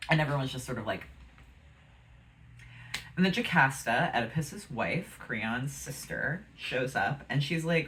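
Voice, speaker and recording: Chatty vlogger with lively pitch. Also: unhurried, pauses often, distant mic, slight background noise. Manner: chatty, lots of fillers and asides. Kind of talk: casual rambling book talk.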